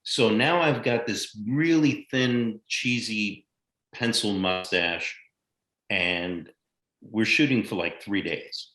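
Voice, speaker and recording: An older American man, a guest actor telling lively, blunt, profane stories from his career in a casual interview. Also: on the low side, takes it slowly. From United States. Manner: animated anecdotal storyteller, blunt and profane. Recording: echoey room sound.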